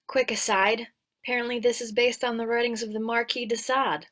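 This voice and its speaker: A woman's voice: on the high side, flat delivery, brisk, a bit bright. A woman hosting a comedic movie recap show, talking in a sarcastic, irreverent way and swearing casually.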